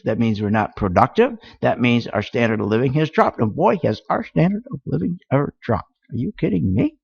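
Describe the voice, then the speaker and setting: This radio host's voice is a little high, husky and touched with vocal fry as he rants opinionatedly about markets. He poses rhetorical questions indignantly, coming through a dull lo-fi radio sound with no echo.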